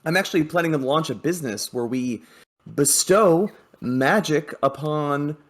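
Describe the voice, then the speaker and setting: A man's voice: unhurried, close to an everyday voice. Man playing a smarmy, condescending magic huckster. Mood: smarmy pitching. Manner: condescending sales pitch, hesitant fillers.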